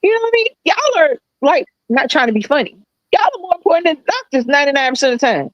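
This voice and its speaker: A blunt, animated woman co-host telling a story in casual chat, swearing freely. Her voice sits a little high, and the sound is dry and close. She delivers it with loud, easy confidence. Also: fast, no room sound, dull audio. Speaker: podcast co-host.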